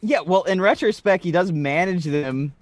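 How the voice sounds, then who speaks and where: A man's voice: high-pitched, normal speed. A man co-hosting a podcast, telling a story in casual chat, swearing freely with stammered restarts. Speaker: podcast co-host.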